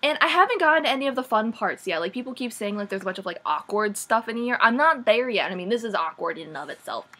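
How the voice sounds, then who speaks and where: A young woman recapping a book in a casual vlog, sarcastic and animated, saying "like" a lot. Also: on the high side, quick pace, hardly any pauses. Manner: sarcastic, says "like" often, animated. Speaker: vlogger.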